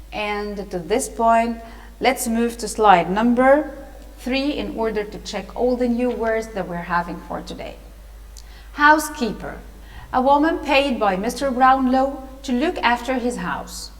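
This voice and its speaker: An Egyptian-accented woman teacher patiently reads a story and explains new words. She speaks slowly in a high voice, with hesitations. Her voice rings in an echoey room. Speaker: English teacher. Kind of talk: reading a storybook and explaining vocabulary.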